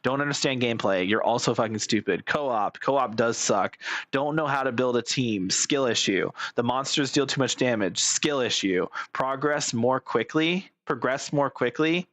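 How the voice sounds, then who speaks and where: A man's voice: mid-range voice, normal speed, a bit bright, dry recording. A man giving casual reaction commentary as a streamer, blunt, sarcastic and profane.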